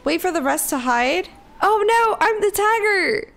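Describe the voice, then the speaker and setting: A woman giving casual gameplay commentary, excitable, gasping and shrieking at scares and laughing often, and reading riddles aloud slowly. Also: very high voice. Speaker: gaming video creator. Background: game music.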